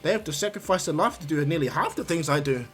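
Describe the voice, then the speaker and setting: A man's voice: a little high, animated, fast, fairly bright tone, faint music behind. A man voicing a brash, overpowered young male ninja who talks bluntly and teases. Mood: cocky. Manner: blunt, teasing.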